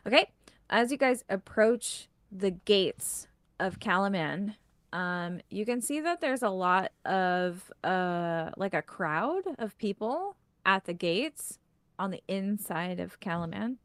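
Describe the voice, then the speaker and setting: A woman's voice: mid-range voice, lively intonation, takes it slowly, no room sound. A woman narrating as game master in casual talk, with many fillers. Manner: casual, rambling, full of fillers and "like".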